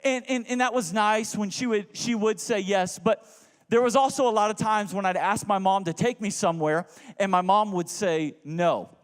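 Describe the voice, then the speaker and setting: A young man from Houston preaching a sermon, telling a joking, animated story that swings between loud bits and low asides. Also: normal speed, clean tone. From Houston, Texas. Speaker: pastor. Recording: long reverb of a large hall.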